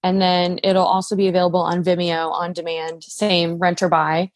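A woman filmmaker as a guest on a podcast, talking in a friendly, giggly, relaxed way. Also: on the low side, moderate pace, no room sound. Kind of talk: casual interview chat.

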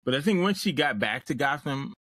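A man's voice: medium pitch, expressive, a little fast, pushed and bright, dry recording. A man co-hosting a podcast, chatting casually and animatedly about a movie, with fillers and laughs. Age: older than co-host. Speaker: podcast co-host.

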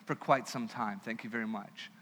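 A man's voice: on the low side, fairly even intonation, moderate pace, fairly bright tone, voice pushed down. A man voicing a petty, grudging male deity with a sarcastic grumble, in a long church reverb. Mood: sulky.

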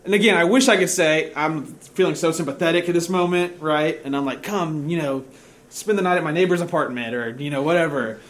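A man's voice: fairly high pitch, a little fast. A young man preaching as a pastor, telling a story in a casual, self-mocking way and laughing at himself. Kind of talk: sermon storytelling.

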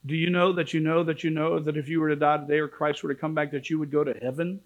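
A man preaching a sermon in a church, impassioned, swinging between shouted warnings and low pleading. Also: level tone, fast, muffled recording.

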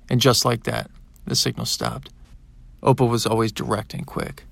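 A man narrating a science-fiction audiobook in the first person, in a plain, even storytelling manner. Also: medium pitch, normal speed, vocal fry, no room sound.

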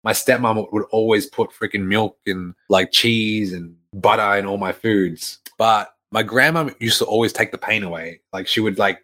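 Deep-voiced young man, frank and casual. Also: fairly bright tone. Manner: frank and conversational, swears freely, laughs between lines. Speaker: fitness coach sharing a personal story. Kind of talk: casual storytelling to camera.

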